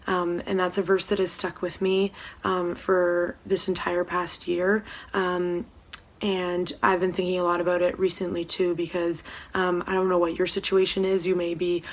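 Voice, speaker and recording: A young woman giving a casual devotional talk from home, soft-spoken and hesitant, with many pauses and ums. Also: fairly low pitch, little pitch movement. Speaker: church devotional speaker. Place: room at home.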